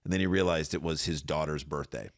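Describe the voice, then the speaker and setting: A man's voice: very deep voice, fairly quick, no room sound, clean studio sound. A man in his fifties, a comedian and podcast guest, telling stories in rambling casual chat full of fillers. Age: 50s. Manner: rambling storytelling with many fillers.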